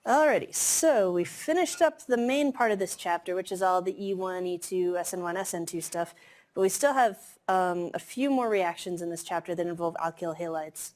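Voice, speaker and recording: A woman's voice: lowish voice, moderate pace, a little mellow. A woman giving a chemistry lecture in a classroom, explaining casually with many fillers. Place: lecture hall.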